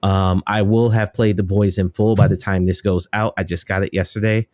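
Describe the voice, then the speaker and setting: A man's voice: deep voice, flat delivery, normal speed, a little mellow, no room sound. A man from the United States, a games journalist guest, chatting casually and enthusiastically on a podcast, rambling and correcting himself as he goes.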